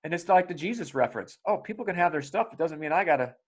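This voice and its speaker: A man's voice: a little high, expressive, quick pace, breathy edge. A middle-aged man hosting a casual podcast conversation, telling stories animatedly and acting out dialogue in raised voices, swearing freely. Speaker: podcast host.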